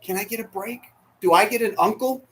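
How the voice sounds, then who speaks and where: A man preaching a sermon as pastor, emotional, dropping to near whispers and rising to shouts. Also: high voice, a little fast. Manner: emotional, swings from hushed to shouting. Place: church sanctuary.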